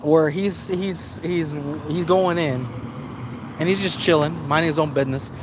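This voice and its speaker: Brief: young male streamer, higher-pitched voice, cussing, animated, slangy, stumbling restarts. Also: moderate pace, noisy background. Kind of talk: casual live-stream storytelling.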